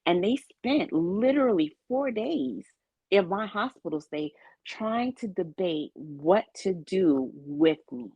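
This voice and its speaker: A woman's voice: on the low side, animated, slow pace, warm tone, slightly rough, no room sound, lo-fi sound. A woman giving an interview, telling her personal story of illness and faith with earnest storytelling and quoted dialogue. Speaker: interview guest.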